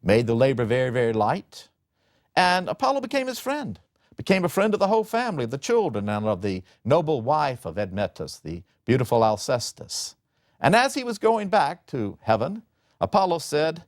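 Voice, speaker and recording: A man giving a lecture on a classic Greek play, telling the story in an animated, dramatic way. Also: mid-range voice, moderate pace, dry recording, studio quality.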